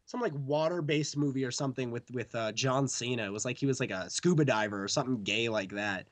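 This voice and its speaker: A man's voice: mid-range voice, fast talker, dry recording. A young man co-hosting a casual podcast, joking around loosely and swearing freely. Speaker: podcast co-host.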